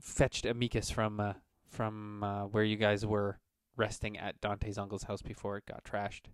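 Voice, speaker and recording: A man's voice: fairly low pitch, unhurried, smooth, no echo. A man narrating a tabletop game as game master, rambling along with lots of ums and uhs. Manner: relaxed, rambling narration with many fillers.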